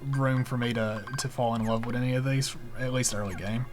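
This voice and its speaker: Male player, mid-pitched, relaxed and musing, chatting through a game over faint music. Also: a little fast. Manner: easygoing, thinking aloud. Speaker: co-host playing the game. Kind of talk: casual gameplay chat.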